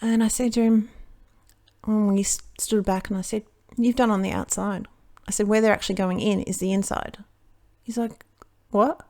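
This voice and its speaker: A woman's voice: mid-range voice, steady tone, moderate pace, mellow. An Australian woman chatting casually while she crafts, telling a long rambling story that keeps interrupting itself. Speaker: card-making crafter.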